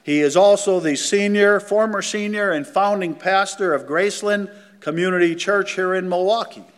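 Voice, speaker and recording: A man's voice: high voice, normal speed. A man introducing the guest preacher to a church congregation, earnest and grateful, with frequent hesitations. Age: older. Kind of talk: formal introduction. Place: church sanctuary. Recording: long church reverb.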